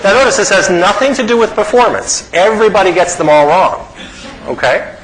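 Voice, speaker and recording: A middle-aged man giving a psychology lecture in an animated way, often pausing to ask his listeners "okay?". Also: high-pitched, slight background noise, rough recording. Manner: animated, frequent "okay?" check-ins.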